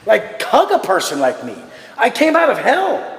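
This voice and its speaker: A man talking loudly and fast with heavy swearing, cutting in over others. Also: sits high, huge pitch swings. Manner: loud, profane, talks fast and over others. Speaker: guest in a filmed conversation. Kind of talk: heated casual talk. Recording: roomy echoey room, faint noise.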